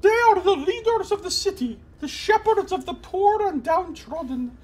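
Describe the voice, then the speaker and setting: A man voicing a haughty, formal female fish-person agent while reading game dialogue aloud, in a stiff, drawn-out manner. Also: very high-pitched, expressive, a little mellow, pitched above the performer's own voice. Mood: proud.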